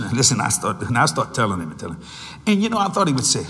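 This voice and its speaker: A man in his sixties preaching a sermon, animated and storytelling, with sudden shouts and slow, drawn-out emphasis on key phrases. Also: mid-range voice, long reverb tail, noisy background. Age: 60s.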